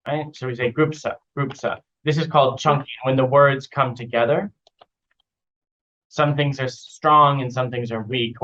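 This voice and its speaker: A man giving casual spoken feedback as an IELTS speaking teacher, relaxed and repeating example phrases to model how they sound. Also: medium pitch, highs cut off. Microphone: online video call.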